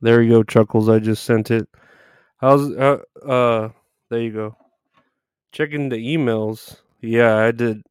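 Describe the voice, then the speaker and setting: A man's voice: medium pitch, fairly even intonation, unhurried, clean tone, no room sound. A man hosting a live stream, greeting viewers by name in loose, profane chat with frequent laughs.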